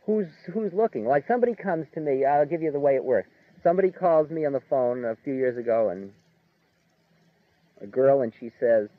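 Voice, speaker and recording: A man giving an informal spiritual lecture in a relaxed, conversational way, chuckling and filling his talk with "like" and "you know.". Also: medium pitch, fairly quick, no room sound. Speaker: spiritual teacher. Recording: tinny narrow-band dry recording.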